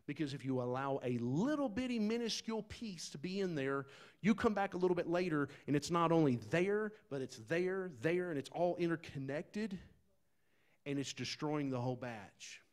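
A man preaching a sermon in a folksy, conversational way, talking straight to the congregation, dropping to quiet asides and rising to loud, emphatic bursts. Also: a little high, lively intonation, normal speed. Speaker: pastor.

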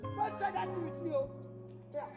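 A man's voice: very high voice, moderate pace. A man with a Nigerian accent playing a cheeky young man who chases a woman, teasing and boastful with frequent laughter. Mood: mocking. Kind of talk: Nollywood film acting. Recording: dull lo-fi audio with faint music.

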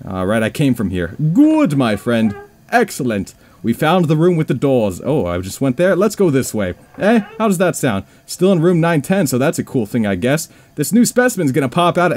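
A man's voice: medium pitch, a little mellow. A man giving playful, mock-scared commentary over a horror video game playthrough, joking and talking to himself as he goes. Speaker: let's play gamer.

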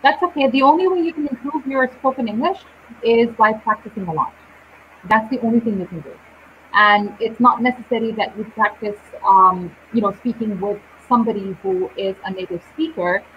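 A woman teaching English in a live online session, speaking slowly and deliberately with clear pauses between words. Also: a little high, slight background noise. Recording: dull lo-fi live stream audio.

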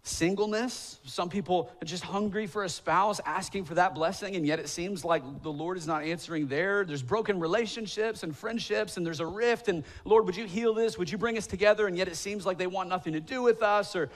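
A man's voice: sits high, brisk, hardly any pauses, fairly bright tone. A man in his thirties, a pastor preaching a sermon in a church, telling stories with self-deprecating humor and acting out pleading prayers. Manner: acts out quoted voices, rising to emphatic pleading. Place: church sanctuary.

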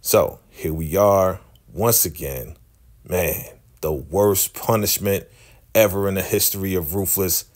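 Man, very deep voice, casual episode recap, animated, acts out quotes, laughs a lot. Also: a little slow. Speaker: recap host.

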